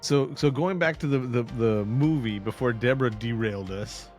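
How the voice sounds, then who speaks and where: A man's voice: medium pitch, normal speed, faint music behind. A man co-hosting a podcast, casually recapping a horror movie and acting out quoted lines. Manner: animated retelling with quoted voices. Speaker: podcast co-host.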